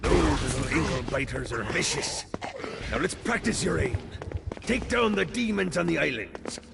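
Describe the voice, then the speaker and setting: An actor playing a swaggering male pirate captain from hell in a video game, talking in a gruff, theatrical pirate manner. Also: on the high side, lively intonation, normal speed, very noisy. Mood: boastful. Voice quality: gravelly. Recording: game audio with loud music.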